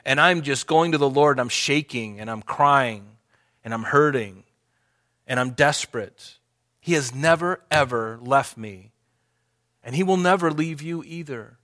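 A man's voice: mid-range voice, sharp tone. Earnest preacher man, conversational. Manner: earnest, rises and slows reading scripture aloud; conversational asides to the congregation. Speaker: pastor. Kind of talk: sermon.

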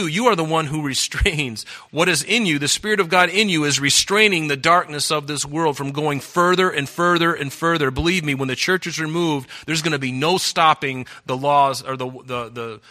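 A man preaches a sermon in a bright, forceful voice. He earnestly reads scripture aloud and unpacks it verse by verse. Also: medium pitch.

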